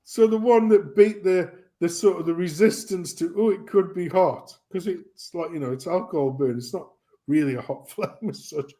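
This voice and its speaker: A man co-hosting a stream, telling a pub anecdote in a casual, animated way with frequent swearing and laughter. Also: high voice, moderate pace. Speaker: stream co-host. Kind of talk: casual storytelling.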